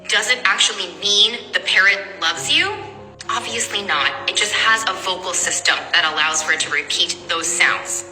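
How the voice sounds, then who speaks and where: A woman's voice: mid-range voice, moderate pace. A woman giving an emphatic, direct motivational speech. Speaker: motivational speaker. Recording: reverberant hall, soft music.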